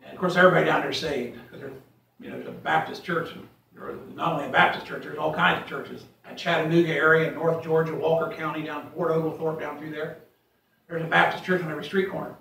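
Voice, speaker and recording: A man with a fairly high voice leads a casual Bible study, wandering into folksy stories before reading verses with emphasis. He is from Ohio. The room echoes heavily and he sounds distant from the mic. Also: fairly even intonation, quick pace, gravelly, sharp tone, a little hiss or hum. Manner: folksy, rambling, reads scripture aloud emphatically. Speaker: Bible teacher. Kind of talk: informal Bible study teaching.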